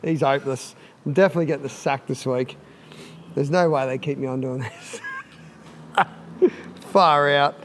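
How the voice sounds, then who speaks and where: Speaking at a moderate pace with frequent pauses, a medium-pitched Australian man hosts a laid-back, jokey installation tutorial. He trades in larrikin banter and laughs at himself when he fumbles, with slight background noise in the mix.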